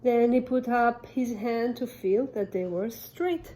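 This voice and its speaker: A woman preschool teacher reading a picture book aloud to toddlers, animated, with gasps and sudden whispers. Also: fairly high pitch, a little slow. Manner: animated, gasping, dropping to whispers.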